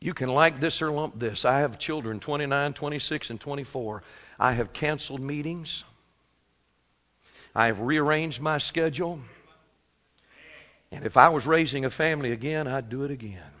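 A man's voice: mid-range voice, moderate pace, long pauses. Preaching man in a reverberant hall. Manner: swings from quiet storytelling to shouted preaching. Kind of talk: sermon.

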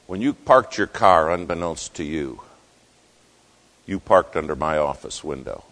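A man playing a soft-spoken, kindly bus owner. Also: a bass voice, animated, a little slow, voice pushed down, exaggerated voice. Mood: earnest.

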